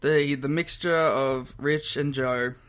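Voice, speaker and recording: A man, co-hosting a podcast in casual chat, lively and quick to laugh as he rambles through stories. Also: medium pitch, clean tone. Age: 20s. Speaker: podcast co-host.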